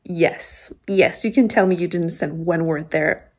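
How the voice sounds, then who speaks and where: A woman's voice: fairly low pitch, fairly quick, a little mellow, breathy edge. A woman with a French Canadian accent, a native French speaker, chatting casually and venting in a book vlog, with frequent laughs and fillers. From Quebec, Canada. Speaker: book vlogger.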